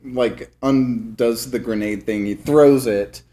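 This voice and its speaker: A man's voice: medium pitch, slow, warm tone. A man co-hosting a movie podcast, talking in a laid-back way and tossing in dry joking asides. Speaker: podcast co-host. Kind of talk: casual movie review chat.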